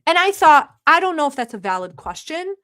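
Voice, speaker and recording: A young woman with a fairly high voice hosts her own livestream. She rambles on in a mock-earnest, sarcastic tone, full of "like" and "um", as if chatting with her viewers. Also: very animated, fairly quick, sharp tone. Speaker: livestream host. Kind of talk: satirical livestream chat.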